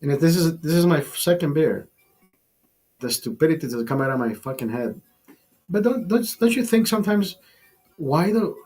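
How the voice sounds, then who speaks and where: Chatting over a beer on his live stream, a man wanders from topic to topic, cursing and chuckling at his own jokes. He sounds husky, a little high, and a little mellow.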